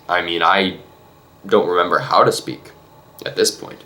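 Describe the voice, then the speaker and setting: A man vlogger telling a comic story in an earnest, mock-emotional way, halting and restarting his sentences. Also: deep voice, bright, forceful tone.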